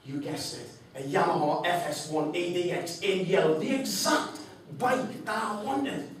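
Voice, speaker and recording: Animated man telling a story in an echoey hall. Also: high voice, unhurried, recorded from a distance, slight background noise. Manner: animated, acts out an auctioneer's patter. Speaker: motivational speaker. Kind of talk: storytelling talk to a live audience. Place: large hall.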